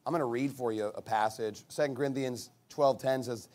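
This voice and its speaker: A man preaching a sermon, reading scripture slowly with rising emphasis and breaking into animated, mocking asides with sudden shouted bursts. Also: mid-range voice. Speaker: pastor.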